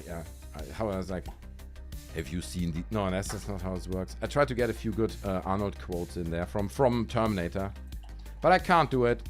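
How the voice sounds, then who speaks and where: Sarcastic joking man hosting a livestream. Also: mid-range voice. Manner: joking, sarcastic, reads out chat messages. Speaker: livestream host. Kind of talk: casual live-stream chat. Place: warm room at home with windows open.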